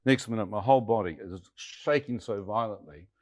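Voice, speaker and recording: A man in his sixties with a fairly low voice. He tells a dramatic story from his own life as an interview guest, colloquial and vivid, and acts out the voices of the people in it. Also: brisk, darkish tone. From New Zealand.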